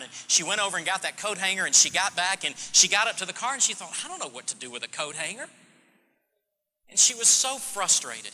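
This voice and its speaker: Male preacher, high bright tense voice, storytelling sermon, long church reverb. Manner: storytelling preacher, shifts from hushed to emphatic.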